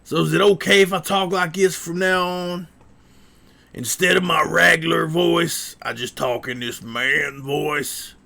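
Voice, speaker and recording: A boastful, gravelly lumberjack of a man, as a streamer puts him on, rumbling his words with an exaggerated manly drawl. The voice sits a touch high for all its swagger and crawls along slowly, with plenty of rough fry in it. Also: steady tone, pushed and bright, exaggerated voice. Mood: macho. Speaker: livestream host.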